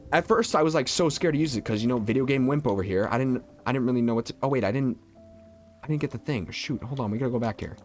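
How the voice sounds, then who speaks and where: A man's voice: mid-range voice, fast talker, soft background music. A young adult man streaming a video game, chatting casually and rambling through a childhood story with lots of filler words. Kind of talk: casual storytelling while gaming.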